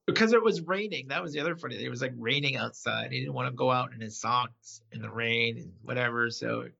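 A man rambling through an animated, laugh-filled retelling in casual chat. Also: mid-range voice, quick pace, creaky, husky. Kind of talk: casual chat recapping an episode. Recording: slightly dull lo-fi sound.

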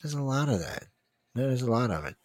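A man's voice: mid-range voice, sing-song, brisk, no echo. A man hosting a casual news talk, reading headlines and rambling bluntly with swearing and trailing-off sentences.

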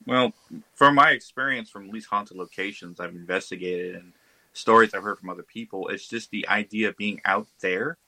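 A man, a podcast guest, telling a ghost story in a casual, animated way. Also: on the low side, normal speed, no room sound, low-quality recording. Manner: animated, acts out quoted voices.

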